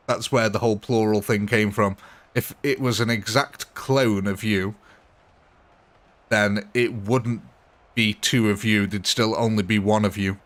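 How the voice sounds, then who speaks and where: A man's voice: lowish voice, fairly bright tone. A man hosting a live gaming stream, chatting casually with viewers in a rambling, self-mocking way. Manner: rambling and self-mocking, prone to laughing at himself. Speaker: gaming livestream host.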